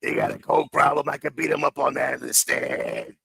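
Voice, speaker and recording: A man doing a mocking impression of a gravelly-voiced mobster. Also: on the high side, level tone, a little fast, pushed and bright, no echo, full character voice. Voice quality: gravelly, husky. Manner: mocking imitation.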